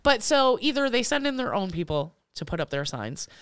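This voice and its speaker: A woman's voice: on the high side, very animated, a little fast, clean tone, no room sound, clean studio sound. A woman co-hosting a podcast, chatting casually and acting out the people in her story. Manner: chatty storyteller, acts out quotes, laughs often. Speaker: podcast co-host, retail vendor rep. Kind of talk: casual chat.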